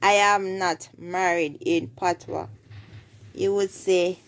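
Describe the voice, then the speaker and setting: A woman's voice: fairly low pitch, steady tone, slow. A woman with a Jamaican accent teaching everyday phrases, saying each example twice. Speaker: language teacher.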